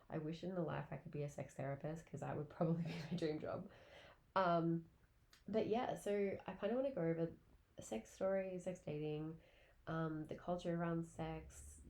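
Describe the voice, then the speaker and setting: A woman in her late twenties hosts a casual solo podcast, swearing freely as she tells stories in a chatty way. Her voice is deep and gravelly with a dark tone.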